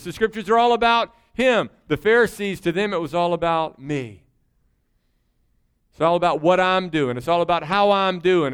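A man's voice: high-pitched, a bit bright, clear, resonant tone. Earnest man preaching a sermon. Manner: earnest, conversational preaching with rising emphatic peaks. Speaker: pastor.

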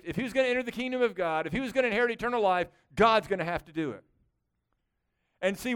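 A man preaching a sermon in a conversational, animated way, with sarcastic asides. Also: high voice, smooth. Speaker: pastor.

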